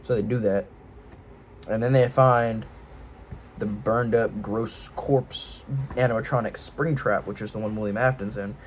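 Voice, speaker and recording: A man's voice: lowish voice, steady tone, a little slow, rough recording. Guy rambling thru game lore, offhand and jokey, kinda irreverent, faint room hum behind. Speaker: video host. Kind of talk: casual lore retelling.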